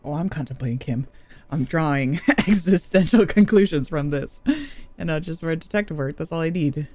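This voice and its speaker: A woman's voice: deep voice, moderate pace, mellow, faint music behind. Giggly woman streaming a game. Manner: chatty, giggly, thinks aloud. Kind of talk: casual game commentary.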